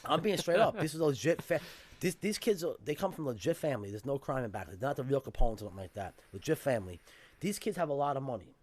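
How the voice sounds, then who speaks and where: New man, fast, profane storyteller, mid-pitched, casual podcast guest. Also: animated. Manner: emphatic, profane street-style talk.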